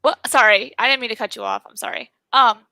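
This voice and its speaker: A woman who is a podcast guest, giving her quick, opinionated take on movies in casual chat. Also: a little high, bright, forceful tone, no echo.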